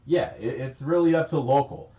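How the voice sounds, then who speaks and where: A man's voice: on the high side, dark tone. A man chatting casually on a livestream, rambling, laughing often and swearing freely. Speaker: livestream host. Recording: echoey, slightly dull stream audio.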